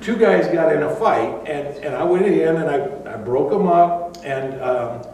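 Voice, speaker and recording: Brief: older male pastor, chatty storyteller, slightly high voice, distant mic. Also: unhurried, darkish tone, a little hiss or hum. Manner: conversational storytelling, with asides and fillers. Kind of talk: sermon. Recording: echoey room, far from mic.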